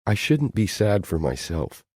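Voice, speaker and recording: A man's voice: lowish voice, sing-song, darkish tone, slightly rough, dry recording, clean studio sound, pitched above the performer's own voice, exaggerated voice. A man voicing a fiery, tearful young woman. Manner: emotional, quick-tempered outbursts. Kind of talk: audiobook character voicing.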